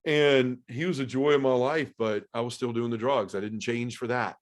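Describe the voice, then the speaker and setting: A man sharing an emotional personal testimony as a podcast guest, earnest and halting, with many fillers. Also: medium pitch, fairly even intonation. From Memphis area, US South.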